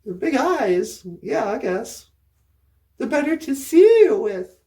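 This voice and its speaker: A sly, smarmy big bad wolf, played by a woman, pushing his voice up high and loud when caught out. His tone stays mellow, and he talks slowly in this comic retelling. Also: sing-song, exaggerated voice. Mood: brazen.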